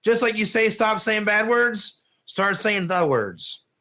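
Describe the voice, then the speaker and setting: Bright, high-voiced male teacher, animated and joking, keeps quizzing his class. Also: slow pace. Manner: animated, asks the class questions, often says "one or two", laughs at own jokes. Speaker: Torah teacher. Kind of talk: lively online class lecture.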